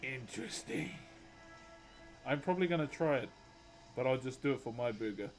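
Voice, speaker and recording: A man's voice: mid-range voice, animated, fast, darkish tone, soft background music. Laid-back New man streaming. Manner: laid-back, laughs often, says bro. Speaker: livestreamer and wood carver. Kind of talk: casual live-stream chat.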